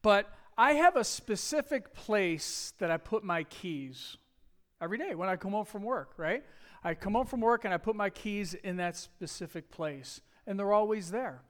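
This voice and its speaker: A man's voice: high-pitched, animated, moderate pace, a bit bright. A middle-aged man preaching a sermon, telling a personal story in a conversational way and acting out the quoted dialogue.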